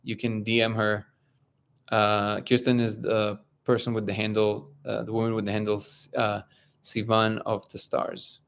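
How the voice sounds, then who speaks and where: A man hosting a casual live-stream talk, speaking haltingly with many restarts and fillers. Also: on the low side, monotone, creaky, a bit bright. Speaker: host of a live discussion stream.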